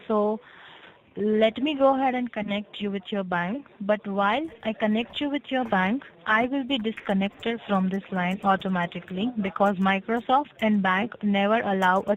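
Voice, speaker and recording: A woman working as a scam caller posing as tech support, talking slowly and insistently on a scripted phone call and spelling out numbers one by one. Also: medium pitch. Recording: muffled lo-fi phone line.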